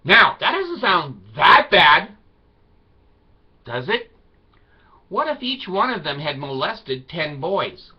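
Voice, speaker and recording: A man's voice: high-pitched, sing-song, slow, long pauses, breathy edge. A man talking to camera in a loose, rambling monologue, wry and irreverent in tone. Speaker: video blogger. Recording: slightly dull lo-fi recording.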